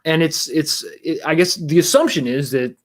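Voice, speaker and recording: Casting note: male livestream host, slightly higher voice, loose rambling delivery with restarts, chatting to viewers over a webcam mic. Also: normal speed. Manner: rambling, many restarts, greets chat viewers. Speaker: livestream talk show host. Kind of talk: casual livestream chat.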